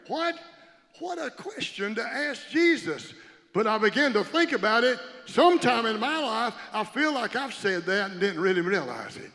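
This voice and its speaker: A man with a fairly high voice preaches a sermon in a church, and the sound carries a long hall reverb. He swings between loud preaching and a hushed near-whisper. He keeps turning to the congregation and calling on them to respond. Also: expressive, moderate pace. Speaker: pastor.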